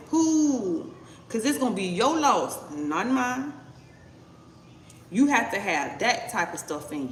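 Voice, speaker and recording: A woman tarot reader gives a casual live reading in a somewhat high, slightly bright voice, with a little hiss or hum. She's blunt and profane, tagging her points with "okay?". The recording has roomy echo, her voice distant from the mic.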